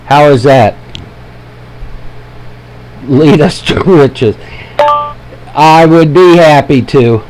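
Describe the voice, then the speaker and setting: Drawing out his words and pausing often, he speaks at a fairly high pitch with a darkish tone over a little hiss or hum. The Ohio-accented man hosts a casual live trading webinar, easygoing and joking with his audience while fiddling with levels as he sets up his desk mic.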